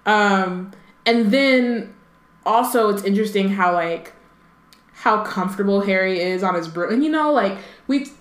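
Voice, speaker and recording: A woman's voice: medium pitch, measured pace, roomy sound. A woman co-hosting a casual book podcast, chatting with lots of fillers and reading passages aloud.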